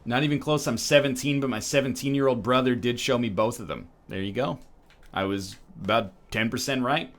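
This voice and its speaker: Lively, joking man. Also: medium pitch, normal speed. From Canada. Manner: joking, riffing, sarcastic. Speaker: streamer. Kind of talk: casual gaming stream chat.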